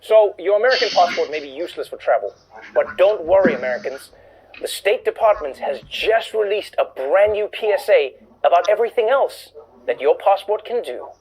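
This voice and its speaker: A man's voice: high-pitched, expressive, moderate pace, a little mellow, rough recording. A man hosting a comedy show, delivering scripted sarcastic commentary and acting out voices for punchlines.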